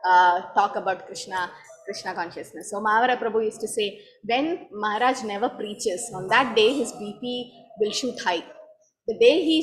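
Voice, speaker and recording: A woman's voice: medium pitch, poor audio. Woman telling devotional stories in class. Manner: animated storytelling, acting out quoted voices. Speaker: speaker giving a scripture class. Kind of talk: storytelling sermon.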